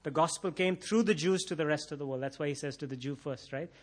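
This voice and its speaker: Impassioned male preacher, fairly high voice. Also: quick pace. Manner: rising to intense, impassioned emphasis, repeating phrases for effect; acts out imagined prayers in quoted voices. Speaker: pastor. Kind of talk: sermon.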